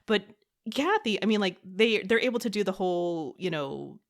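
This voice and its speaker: A woman's voice: mid-range voice, animated, normal speed. A woman guest on a podcast, chatting casually with plenty of fillers and frequent laughter. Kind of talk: casual chat.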